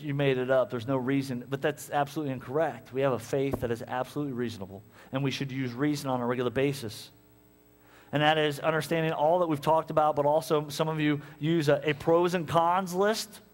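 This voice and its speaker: Man preaching, pastor, slightly high voice, acts out dialogue, lively storytelling, long church reverb. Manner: animated storytelling, acts out conversations. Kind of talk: sermon. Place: church sanctuary.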